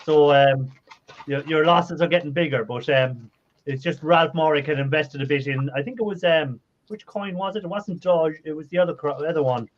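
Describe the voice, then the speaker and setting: A man's voice: a little high, moderate pace. A man co-hosting a casual livestream chat, teasing and laughing often as he reads out viewer questions. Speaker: co-host reading viewer comments. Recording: dull lo-fi sound with steady noise.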